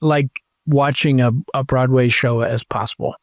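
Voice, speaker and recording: An unhurried man co-hosting a casual podcast, reading a list of names and slipping in playful jokes. His voice sits at a middle pitch. The recording is dry and close. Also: steady tone, no room sound. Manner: jokey, reads name lists with playful asides. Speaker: podcast co-host.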